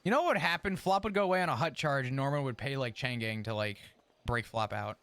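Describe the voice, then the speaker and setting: In character for a roleplay stream, a man talks fast in a medium-pitched, fairly bright voice with no echo. The chatter is full of swearing and rants, and he laughs a lot.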